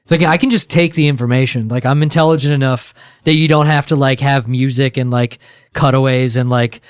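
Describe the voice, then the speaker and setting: A man's voice: mid-range voice, steady tone, clear, resonant tone, no echo. Joking podcast guy, dry close sound. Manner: joking, quick reactions, stumbling restarts. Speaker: podcast co-host. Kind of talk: casual chat.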